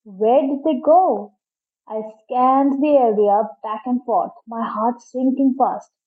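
A woman narrating a storybook in a lively, expressive first-person reading. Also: fairly high pitch, slow. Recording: tinny phone-like sound.

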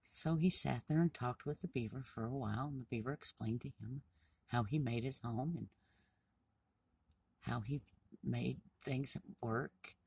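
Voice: mid-range voice, unhurried, gravelly, darkish tone, breathy edge, distant mic. A storyteller telling a children's animal tale in a homespun, casual way, with many dialogue tags.

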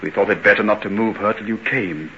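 An actor playing a calm, middle-aged doctor in a radio play, speaking in a measured, soothing way. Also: male voice, fairly low pitch, slight background noise, natural voice. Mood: steady. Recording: muffled old radio recording.

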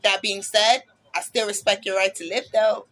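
A woman's voice: medium pitch, level tone, moderate pace, fairly bright tone, soft background music. A woman hosting a casual podcast, talking bluntly and passionately, with plenty of swearing. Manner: blunt, profane, passionate ranting. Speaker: podcast host.

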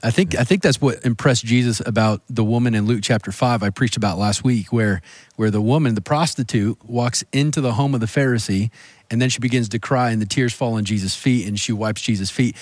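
A man who is a pastor, co-hosting a casual faith discussion in a steady, agreeable way. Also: medium pitch, brisk, no echo. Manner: steady, agreeable, brief affirmations. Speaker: pastor and podcast co-host.

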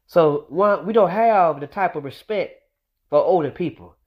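Speaking unhurriedly in a fairly high voice, a young male vlogger relates a personal story, stressing and repeating things to drive his point home in a casual monologue. The recording sounds muffled.

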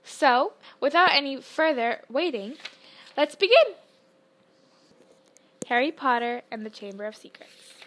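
Woman audiobook reader, high-pitched, expressive storytelling. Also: a little hiss or hum. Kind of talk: reading a novel aloud.

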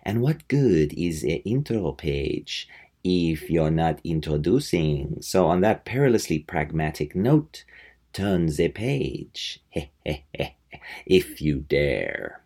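A man's voice: very deep voice, big pitch swings, takes it slowly, dark tone, exaggerated voice. A man voicing a sinister, grinning male horror host with a mock French accent and a theatrical, gleeful delivery.

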